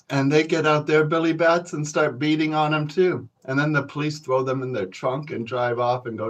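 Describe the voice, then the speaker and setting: His voice is on the high side, steady in tone, at a moderate pace with few pauses. This podcast host tells rambling, profane stories by himself in an easygoing manner, chuckling and referring to listeners as folks.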